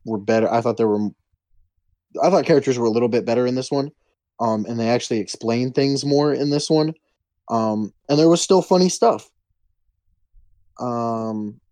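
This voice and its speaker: A man in a casual movie chat calmly explaining his rating, with frequent ums. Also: mid-range voice, no room sound. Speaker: podcast co-host.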